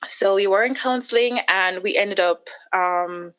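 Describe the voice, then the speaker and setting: Woman, podcast guest, mid-range voice; candid confessional storyteller who leaps up in pitch when quoting herself. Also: measured pace, clean tone. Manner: candid, acts out her own past words with sharp rises in pitch. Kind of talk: personal storytelling.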